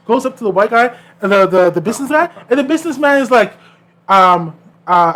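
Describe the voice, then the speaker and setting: This podcast co-host has a very high voice and talks fairly quickly. Chatting casually, he tells animated stories and performs the lines of the people involved.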